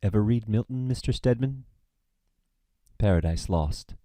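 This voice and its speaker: An actor reading a smooth, menacing devil in a screenplay reading, polite and measured. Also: male voice, fairly low pitch, lively intonation, warm tone, no room sound, clean studio sound. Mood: cool. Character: smooth menacing male devil, courteous and cold. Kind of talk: table read of a screenplay.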